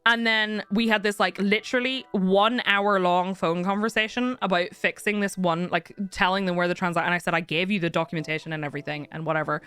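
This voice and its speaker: A woman streamer chatting casually with viewers, telling a story in an animated way, acting out other people's voices, swearing and laughing often. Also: on the low side, fairly quick, few pauses, smooth.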